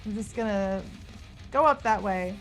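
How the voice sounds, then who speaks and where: A woman's voice: medium pitch, normal speed, fairly bright tone, soft background music. A woman playing a tabletop game, talking casually with dry, wry remarks. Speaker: player. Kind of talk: casual tabletop play chat.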